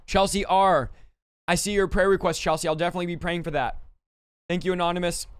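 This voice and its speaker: Fast, bright-voiced male livestream host. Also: sits high, little pitch movement, clean tone, no room sound. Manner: rapid, upbeat, stumbles over names. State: out of breath. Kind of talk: reading donor thanks on a livestream.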